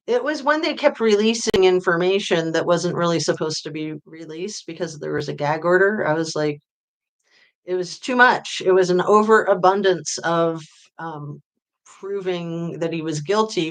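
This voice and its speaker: Chatty woman host reading live chat. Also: fairly low pitch. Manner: chatty, reads viewer comments aloud and answers them; voice often drops off quietly at phrase ends. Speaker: true-crime livestream host. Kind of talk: casual livestream chat.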